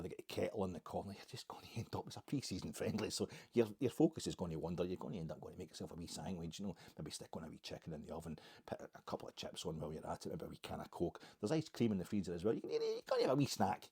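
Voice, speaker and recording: A man's voice: sits low, mellow, slightly rough. An older Scottish man hosting a football podcast, talking in a wry, sarcastic, rambling way with self-mocking asides. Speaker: podcast host. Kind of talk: casual football podcast monologue.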